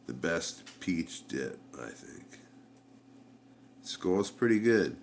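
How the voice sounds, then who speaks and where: Middle-aged vlogger, slow rambling talk, faint hiss behind, recorded at home on a camera mic. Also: male voice, rumbling low, very animated, creaky. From Canada. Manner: rambling, halting, many fillers and restarts. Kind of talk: casual rambling vlog.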